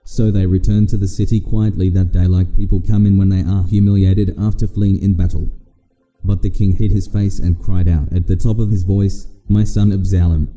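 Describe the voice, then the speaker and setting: Deep, dark-voiced man reading scripture. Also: long reverb tail, rough recording. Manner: steady measured reading of scripture. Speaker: Bible reader. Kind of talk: scripted audio Bible reading.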